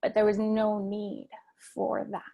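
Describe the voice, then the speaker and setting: Woman interviewee, gravelly and flat delivery, earnest first-person account of a hard experience. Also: mid-range voice, a little slow, dull audio. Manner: earnest, steady retelling of a distressing event.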